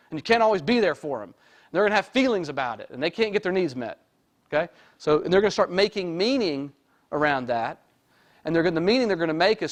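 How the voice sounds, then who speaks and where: Man, therapist lecturing, high-pitched voice, chatty, keeps asking "okay?". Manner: conversational, frequent "okay?" and "right?" check-ins, joking. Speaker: therapist giving a talk. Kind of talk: informal lecture to an audience.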